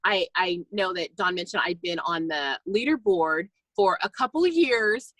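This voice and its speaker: A woman on a team call, telling a personal faith story in a chatty, animated way and acting out the voices in her anecdotes. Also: fairly low pitch, normal speed, no echo, poor audio. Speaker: guest speaker on a team call. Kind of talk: personal testimony, casual storytelling. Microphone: call recording.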